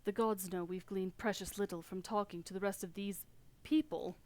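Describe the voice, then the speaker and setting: A woman's voice: mid-range voice, steady tone, moderate pace, darkish tone, lightly acted. A woman voicing a formal, earnest young male noble scholar in old-fashioned phrasing, reading game dialogue aloud.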